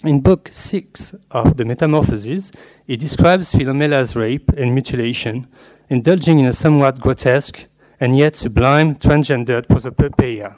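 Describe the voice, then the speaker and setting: Man at a lectern reading a measured, scholarly paper on literature; middle-range voice, steady academic delivery. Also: medium pitch. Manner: measured and scholarly, slipping in Latin and French terms. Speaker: literature scholar giving a lecture. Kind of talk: academic lecture read from a paper.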